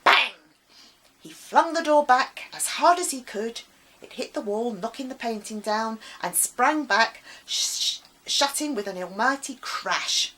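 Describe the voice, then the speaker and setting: A woman author reading her children's adventure story aloud with expressive, dramatic storytelling. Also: on the high side, measured pace, low-quality recording.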